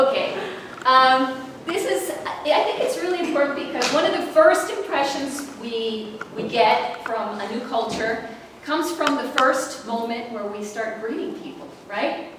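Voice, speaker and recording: A woman trainer talks to a group in an echoey room, her pitch sitting a little high. She is picked up from a distance with noise underneath, and she laughs easily and keeps quizzing the audience. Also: measured pace, few pauses. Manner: lively, laughs often, asks the audience questions. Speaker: intercultural trainer. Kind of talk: presenting a workshop.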